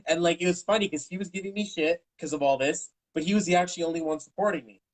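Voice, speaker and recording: A man's voice: fairly high pitch, fast talker, rough recording. A man in his thirties, an interview guest, telling his own story in a frank, rambling way and acting out what people said. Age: 30s. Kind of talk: candid personal storytelling.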